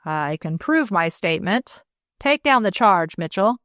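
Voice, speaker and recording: A woman's voice: medium pitch, very animated, measured pace, fairly bright tone, no room sound, studio quality. A woman voicing a paranoid, malicious old stepfather. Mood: venomous. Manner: testy, commanding, secretive. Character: paranoid, malicious older male invalid stepfather.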